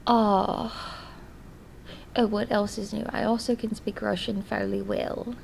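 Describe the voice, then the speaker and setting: A young woman voicing an earnest, lonely diarist who confides in her viewers in a hesitant, soft-spoken way, often drifting into whispers. Her voice sits at a middle height, and she talks slowly with long pauses. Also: mid-range voice, little pitch movement, gravelly, a little hiss or hum, rough recording. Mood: confiding. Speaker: diary vlogger character. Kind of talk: in-character diary vlog.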